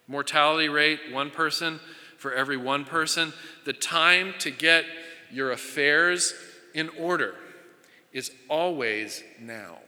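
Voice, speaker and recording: A pastor delivers a sermon at a measured pace, earnest and searching, often repeating and restarting phrases as he builds his point. His bright, ringing voice is a bit higher than most men's and fills a large hall with a long, trailing reverb.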